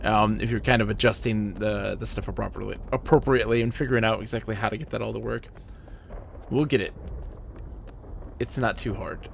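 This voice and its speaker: A man's voice: lowish voice, gravelly, slight background noise. A man commenting live on his gameplay, thinking aloud and chatting with a fellow player. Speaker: game streamer.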